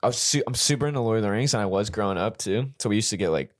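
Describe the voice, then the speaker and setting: Low-voiced young man telling stories casually. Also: racing, dry recording. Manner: swearing storyteller who jumps into high voices when excited. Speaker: podcast co-host. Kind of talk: casual chat.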